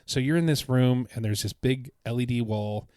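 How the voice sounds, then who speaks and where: A man's voice: medium pitch, normal speed, warm tone, clear, resonant tone, no room sound, clean studio sound. A man co-hosting a podcast, recounting his trip in a casual, enthusiastic, rambling way. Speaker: podcast co-host. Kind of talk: casual chat.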